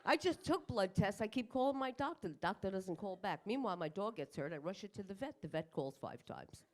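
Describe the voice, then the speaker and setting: A woman's voice: medium pitch, expressive, a little fast. Brash, profane older woman comic. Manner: brash, profane, self-mocking punchlines. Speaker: stand-up comedian. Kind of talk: stand-up comedy set. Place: comedy club stage in front of a live audience.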